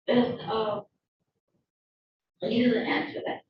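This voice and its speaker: Shaken woman with gravelly voice testifying. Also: on the high side, a little hiss or hum. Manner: shaken, halting retelling. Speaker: witness. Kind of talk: courtroom testimony. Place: courtroom. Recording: echoey, distant, dull courtroom audio.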